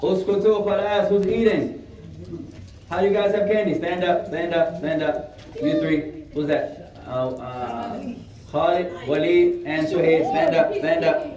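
A man teaching a class, switching between English and Arabic and giving firm, brisk commands to his students. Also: fairly high pitch, a crowd in the background. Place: large echoey classroom full of students. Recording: echoey room, far mic, chattering students.

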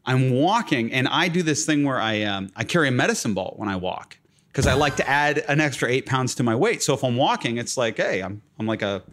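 A man's voice: mid-range voice, very animated, fairly quick, a bit bright. A young man telling a long personal story in a casual chat as a guest, full of fillers like "like" and "uh". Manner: rambling, filler-heavy, laughs through his stories.

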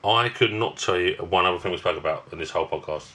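A man's voice: deep voice, fast, sharp tone. A man co-hosting a podcast, bantering in a teasing, dry and sweary way. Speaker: podcast co-host. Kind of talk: casual banter.

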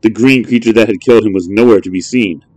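A man narrating a horror story in a measured, brooding way. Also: on the low side, a little mellow, no echo.

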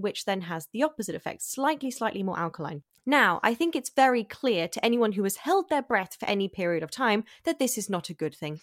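Woman, mid pitch, measured and emphatic explainer, dry close mic. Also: no room sound. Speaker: podcast co-host. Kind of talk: explanatory casual chat.

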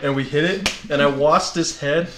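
A man in a casual podcast chat, telling a story in a slangy, animated way and laughing as he goes. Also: on the high side, moderate pace, heavy background noise. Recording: echoey room.

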